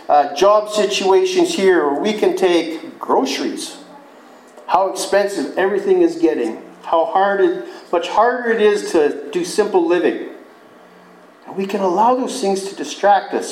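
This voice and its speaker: In an echoey room, a man preaches a sermon, retelling scripture in a folksy, conversational storytelling way. His voice is high with a darkish tone.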